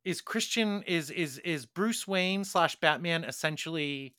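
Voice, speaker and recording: Male co-host and film buff, explanatory and halting, smooth bright tone. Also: fairly high pitch, expressive, no echo, studio quality. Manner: explanatory, hesitant, many fillers. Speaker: podcast co-host, film scholar. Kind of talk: casual podcast chat.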